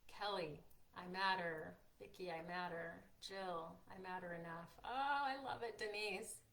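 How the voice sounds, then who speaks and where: A woman hosting a live-streamed workshop, chatty and encouraging, reading out viewers' comments and filling pauses with "like" and "um". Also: fairly low pitch, vocal fry, a bit bright. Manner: encouraging, frequent fillers like "like" and "um". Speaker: workshop host and coach.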